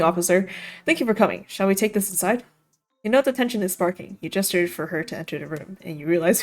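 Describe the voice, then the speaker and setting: A woman streamer reads a visual novel's narration aloud. She is giggly and breaks into laughter often. Faint music runs underneath. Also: lowish voice.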